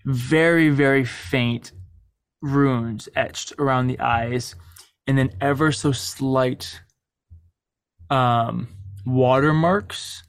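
A man running a tabletop game as game master, describing scenes in a loose, unhurried way with frequent fillers. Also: medium pitch, steady tone, clean tone, no echo, clean studio sound.

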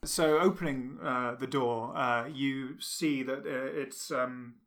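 A man's voice: medium pitch, slow, fairly bright tone. A man narrating as game master and host of a tabletop game podcast, hesitant and full of fillers when he improvises.

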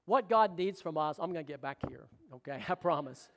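A middle-aged pastor with a drawl preaches in a fairly high voice. He calls out for amens and teases people in the pews between points. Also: lively intonation, brisk. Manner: exclamatory, calls for amens and jokes with the congregation. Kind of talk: sermon.

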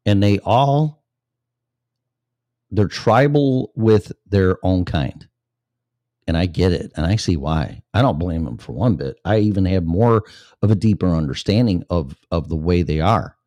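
A man with a fairly low voice reads news aloud and keeps cutting in with sarcastic, foul-mouthed asides. He is from Illinois and hosts his own show, talking bluntly and without polish. The sound is dry and close, with almost no room around it. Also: animated, unhurried, pauses often, darkish tone, dry recording. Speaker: podcast host. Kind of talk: reading news with ranting commentary.

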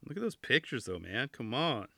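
A man's voice: mid-range voice, very animated, moderate pace, gravelly, pushed and bright, no room sound. A man hosting a podcast, chatting casually and joking as he flips through a magazine, with rambling asides and playful pleading. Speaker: podcast host. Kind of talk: casual chat reviewing a magazine.

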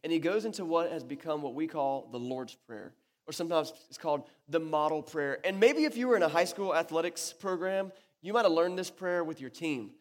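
Chatty pastor with a light voice. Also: male voice, a little high, fairly quick. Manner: conversational and animated, with many restarts. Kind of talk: sermon. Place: church hall. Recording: echoey church hall.

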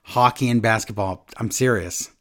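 A man's voice: lowish voice, normal speed, a bit bright. A man hosting a podcast, chatting casually and rambling, often correcting himself. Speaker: podcast host. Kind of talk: casual chat.

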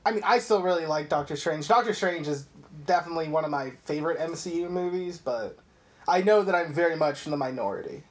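A man's voice: fairly high pitch, quick pace. A young man co-hosting a casual film podcast, rambling through a movie recap with lots of swearing. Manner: rambling, profane, animated storytelling. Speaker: podcast host.

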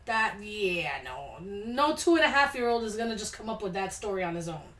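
Woman podcast host, kinda high voice, reads listener stories then goes "hell no", roomy echo. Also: animated, moderate pace, a bit bright. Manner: laid-back, reacts with blunt asides. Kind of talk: casual chat reading listener stories aloud. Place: home studio room. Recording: echoey room.

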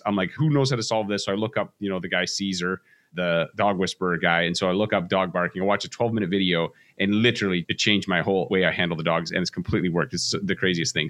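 A middle-aged man with a low voice talks briskly through a podcast monologue for mortgage professionals. He tells casual stories and acts out the voices of people in them. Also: a bit bright. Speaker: mortgage business coach.

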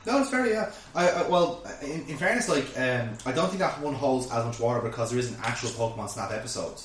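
A man's voice: mid-range voice, lively intonation, fast, recorded from a distance, slight background noise. A man hosting a podcast, recapping an episode in casual chat, rambling with lots of fillers and restarts. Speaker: podcast host. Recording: echoey room, set back from mic.

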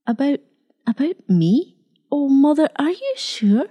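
A woman voicing a tender, unsure young wife in a storybook reading, husky and half-whispered. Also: sits high, sing-song, slow pace, warm tone, voice pushed up, full character voice. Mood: wondering.

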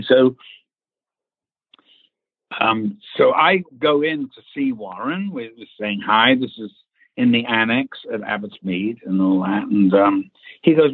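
A husky-voiced man spins a lively, profane showbiz anecdote, acting out the other people's lines as he goes. The sound is thin and phone-like, and the room is dry and close. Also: mid-range voice, measured pace, no room sound. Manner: animated storyteller who acts out quotes and laughs. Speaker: actor recounting a film casting. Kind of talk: casual anecdote, swearing freely. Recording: tinny phone-like line.

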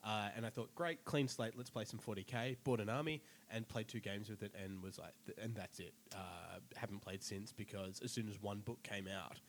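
A man's voice: fairly low pitch, fairly even intonation, a little fast, few pauses, slight background noise. A man in a casual podcast chat with friends, with a dry, wry sense of humor.

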